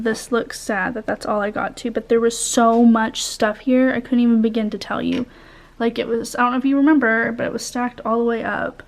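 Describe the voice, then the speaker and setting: A young woman teacher vlogging from her classroom, talking casually and rambling with plenty of "like" and "um". Her voice sits a little high. She chats to the camera as if to a friend. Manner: chatty, rambling with many fillers. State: out of breath at times. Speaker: high school art teacher. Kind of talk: casual vlog talk to camera. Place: empty school classroom indoors.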